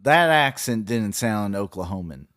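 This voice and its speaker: Kansas guy, slow dry jokes, voice goes up and down. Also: on the low side, animated, a bit bright. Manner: dry, wry, unhurried. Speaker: podcast co-host. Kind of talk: casual chat.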